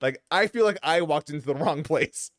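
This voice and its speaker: A man's voice: fairly high pitch, lively intonation, normal speed, fairly bright tone, no room sound, clean studio sound. A man co-hosting a podcast, retelling a video game story in casual chat and acting out the characters' lines with frequent laughs. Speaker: podcast co-host.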